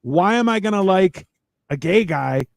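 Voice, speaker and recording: A man's voice: high-pitched, expressive, a little slow, gravelly, no echo. Blunt, profane man in a dry room. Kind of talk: casual chat.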